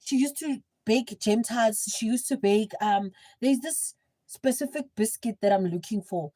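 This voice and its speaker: A young woman with a South African accent, telling a story in a chatty, animated livestream style. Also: on the high side, measured pace. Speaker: livestream host. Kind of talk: casual storytelling.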